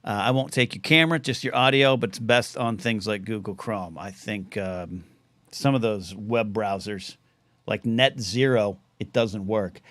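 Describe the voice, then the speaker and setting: A man's voice: lowish voice, unhurried, fairly bright tone, no room sound. A man hosting a live call-in talk show, rambling casually and often restarting his sentences. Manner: rambling, self-interrupting. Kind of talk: casual livestream chat.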